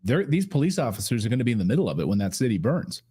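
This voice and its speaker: A man's voice: medium pitch, big pitch swings, rapid-fire, dark tone, slightly rough. A man hosting a political talk stream, speaking in an emphatic, warning tone. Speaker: show host.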